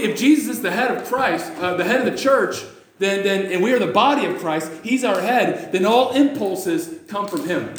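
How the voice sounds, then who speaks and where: A man preaching a sermon, emphatic, repeating phrases and restarting often, reading scripture in old-fashioned wording. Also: high voice. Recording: echoey church hall.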